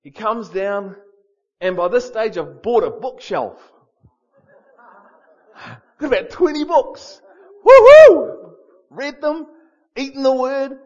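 Male preacher, lively and emphatic, higher voice, slightly muffled lo-fi sound. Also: slow pace, pauses often. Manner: animated, storytelling, emphatic repetition. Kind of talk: sermon.

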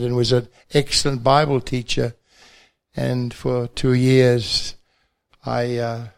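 Speaking at a banquet, an older pastor from New Zealand, with a New Zealand accent and a medium-pitched voice, gives his faith testimony laced with gentle, self-deprecating humor.

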